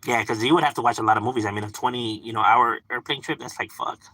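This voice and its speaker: On a dry, low-quality recording, a fast-talking man with a medium-pitched, pushed, bright and slightly rough voice chats on a live stream. He curses freely, laughs a lot, uses many "like" and "you know" fillers and answers unseen viewers.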